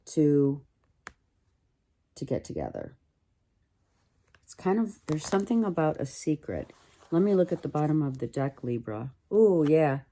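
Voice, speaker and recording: Woman tarot reader, low and dark-toned, slow unhurried delivery, thinks aloud and circles back on her words. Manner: musing, repetitive, thinks aloud with restarts. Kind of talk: casual tarot reading.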